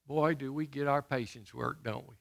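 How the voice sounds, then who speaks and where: A middle-aged man preaching a sermon, emphatic, throwing questions to his listeners and slowing to stress scripture. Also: mid-range voice, steady tone, creaky, fairly bright tone.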